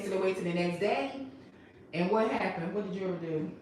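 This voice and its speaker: A woman hosting a casual recap chat, telling the story with emphatic, animated delivery. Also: medium pitch, quick pace, slight background noise. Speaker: host. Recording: echoey room, mic at a distance.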